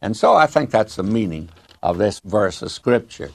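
A man's voice: fairly low pitch, very animated, normal speed, gravelly, a little mellow, dry recording. A man teaching the Bible on radio in a folksy, storytelling way, often wandering off on side remarks.

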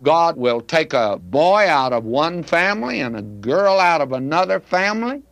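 A man's voice: on the high side, big pitch swings, moderate pace, fairly bright tone, no room sound. An older man teaching from the Bible in a folksy, emphatic preaching manner. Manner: folksy, emphatic preaching with old-fashioned phrasing.

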